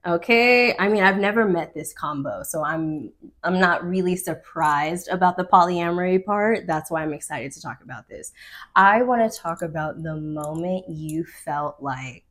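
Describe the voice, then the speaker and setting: A woman's voice: lowish voice, animated, fairly bright tone. A woman hosting a podcast in upbeat, affirming casual chat, often chiming in. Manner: upbeat, affirming, quick interjections. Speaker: podcast host.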